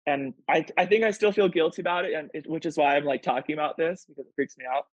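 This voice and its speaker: A man with a high-leaning voice talks fast as a podcast guest; he's a pro volleyball player, earnest and emotional in casual chat, with many "like" fillers. No room sound is present, and the recording is dull and lo-fi.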